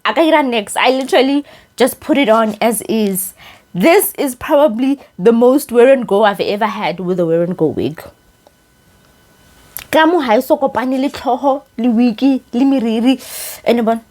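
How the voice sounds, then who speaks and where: A young South African woman chatting casually as she reviews a wig, excitable and expressive, switching languages mid-sentence. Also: fairly high pitch, normal speed. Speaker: beauty YouTuber reviewing a wig. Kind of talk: casual chat.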